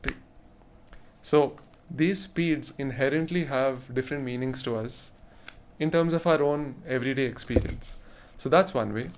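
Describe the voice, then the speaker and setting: A man teaching rhythm in an online lesson, explaining patiently and chanting rhythm syllables to demonstrate. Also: medium pitch. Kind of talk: spoken lesson with vocal rhythm demos.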